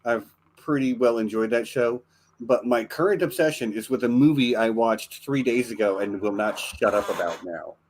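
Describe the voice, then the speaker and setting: A man's voice: medium pitch, normal speed, a little hiss or hum. An American man hosting a casual podcast chat, joking and enthusiastic. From United States. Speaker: podcast host.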